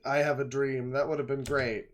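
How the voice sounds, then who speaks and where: A man's voice: medium pitch, flat delivery, moderate pace, over loud music. A man streaming a reaction, rambling and sarcastic, who swears a lot. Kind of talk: livestream reaction commentary.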